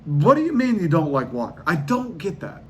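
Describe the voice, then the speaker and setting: A man's voice: a little high, huge pitch swings, normal speed, a little mellow, a little hiss or hum. A man hosting a podcast, delivering a casual comedic monologue with incredulous ranting, slang and swearing. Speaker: podcast host.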